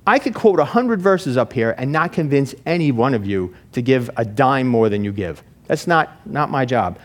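A man's voice: mid-range voice, animated, normal speed. A man preaching a sermon in a church, talking in a conversational way with restarts and asides. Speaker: pastor.

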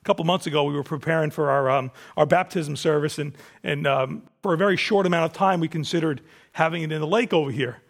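A male pastor delivering a sermon with a high, gravelly voice. He tells stories in an animated way and acts out the quoted lines. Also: fast. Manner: animated storytelling, acting out quotes.

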